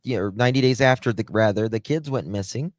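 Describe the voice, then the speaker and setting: A man's voice: lowish voice, fast talker, no room sound. A man hosting a casual livestream, chatting with viewers and greeting them by name, often trailing off and restarting his sentences. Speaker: livestream host.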